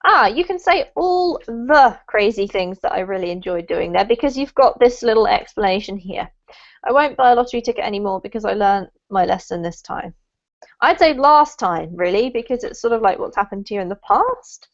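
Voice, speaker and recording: A woman's voice: medium pitch, animated, a little fast, lo-fi sound. A woman English teacher patiently correcting a student's writing in an online lesson, reading passages aloud and explaining.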